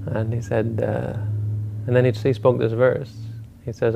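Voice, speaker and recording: A man, a Buddhist teacher, retelling a teaching story in a relaxed, conversational dharma talk. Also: medium pitch, measured pace, vocal fry, lo-fi sound, slight background noise.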